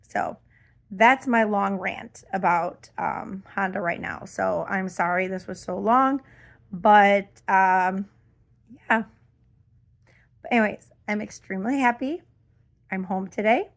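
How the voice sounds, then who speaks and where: A woman's voice: mid-range voice, slow, vocal fry, long pauses. A middle-aged woman ranting in a casual vlog, exasperated and rambling with lots of fillers. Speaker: vlogger.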